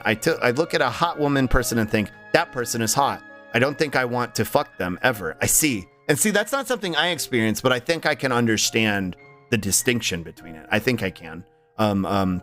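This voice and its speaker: With faint music behind him, a livestreamer speaks a little fast in a fairly bright, medium-pitched voice with big pitch swings. He chats casually and reads chat aloud, rambling through um and uh restarts, laughing easily, sounding tired and strained.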